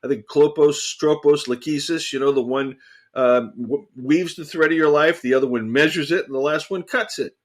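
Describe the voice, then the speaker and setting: A man co-hosting a casual theological discussion, talking in an animated, emphatic way and repeating phrases for emphasis. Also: on the high side, normal speed. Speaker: podcast co-host.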